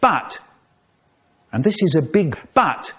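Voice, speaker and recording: A man's voice: fairly high pitch, sing-song, takes it slowly, a bit bright. A man in his sixties telling a story in a dramatic, exaggerated way. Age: 60s. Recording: recording with clear background noise.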